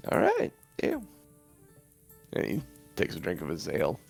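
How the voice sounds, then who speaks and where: A man narrating a tabletop game as game master, halting, with many pauses and restarts. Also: deep voice, huge pitch swings, creaky, a little mellow, husky, soft background music.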